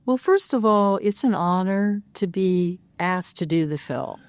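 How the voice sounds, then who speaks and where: A woman guest being interviewed, talking candidly and with self-mocking humor about low-budget film work. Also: animated, unhurried, darkish tone, clear, resonant tone, dry recording. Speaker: guest actress. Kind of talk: casual interview chat.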